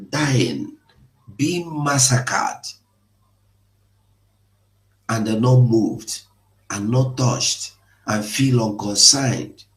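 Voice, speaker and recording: Slow, emotional man in an echoey room. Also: medium pitch. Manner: emotional, rhetorical, mocking laughs at times. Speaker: online broadcaster. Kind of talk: impassioned live broadcast talk.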